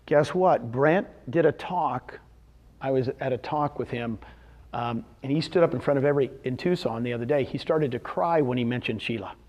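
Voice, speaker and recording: An energetic middle-aged man giving a motivational business talk, firing questions at the audience and answering them himself. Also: medium pitch, moderate pace, muffled recording. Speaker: real estate brokerage executive speaking at a company event.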